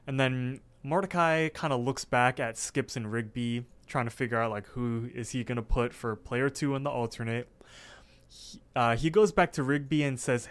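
Smooth-voiced man recapping a cartoon. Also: medium pitch, steady tone, moderate pace, fairly bright tone. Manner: recaps scenes with many fillers. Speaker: podcast co-host. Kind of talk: casual podcast recap.

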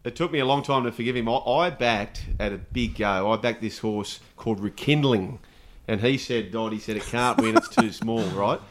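A man, co-hosting a sports radio show, who introduces callers in a loud, upbeat way. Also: lowish voice, normal speed. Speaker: radio co-host. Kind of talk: lively radio banter.

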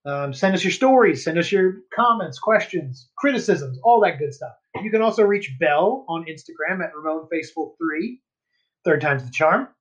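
A man's voice: a little high, lively intonation, normal speed, fairly bright tone. A man co-hosting a podcast in casual chat, joking and rambling loosely with lots of fillers and swearing. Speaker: podcast co-host. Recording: dull lo-fi podcast audio.

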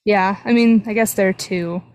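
A woman's voice: mid-range voice, steady tone, a little slow, darkish tone, no room sound, low-quality recording. A young woman hosting a casual podcast, retelling a paranormal investigation with lots of fillers. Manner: chatty, retelling a paranormal story with many "like" fillers. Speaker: podcast host. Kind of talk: casual storytelling chat.

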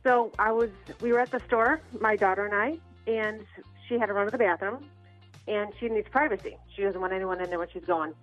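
A woman's voice: mid-range voice, a little fast, soft background music. A woman calling in to a radio show, telling a story in a breathless, storytelling way. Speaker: caller. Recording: muffled phone-in line.

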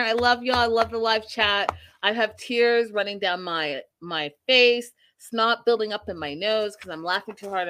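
A young woman hosting a casual live stream, recapping a reality show in a bubbly, giggly, animated way. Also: mid-range voice.

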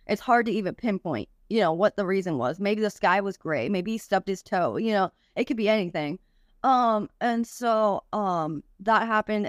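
Young woman, podcast guest, candid storytelling, swears, filler-heavy, mid pitch, dry close mic. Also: dry recording. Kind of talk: telling a personal story.

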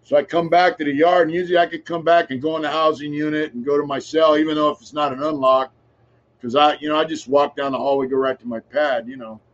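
Middle-aged man, relaxed storyteller, trails off into mutters; muffled, lo-fi audio. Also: a little high, fast. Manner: laid-back, rambling, drops to a mutter at line ends. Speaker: podcast host telling his story. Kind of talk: casual storytelling chat. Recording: dull lo-fi sound.

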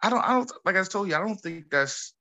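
Thirties guy, casual storyteller, slightly high, bright forceful tone. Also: animated, quick pace. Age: 30s. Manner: laid-back storyteller, keeps saying "you know what I mean". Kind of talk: casual chat.

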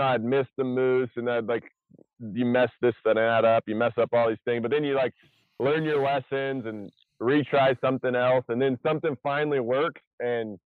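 With a medium-pitched voice, this man rambles and restarts often as he recounts events while guesting on a laid-back podcast; he was a survival show contestant. The sound is tinny and phone-like, with no echo.

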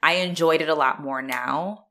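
Co-hosting a podcast, a woman chats casually about a movie in a low, bright, forceful voice at a moderate pace. She laughs often and swears freely while retelling scenes.

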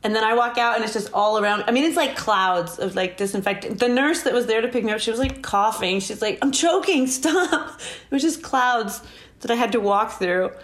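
A woman's voice: on the high side, a little fast. Laughing woman telling a story. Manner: animated, laughing often, acts out quoted lines. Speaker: guest. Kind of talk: casual storytelling interview.

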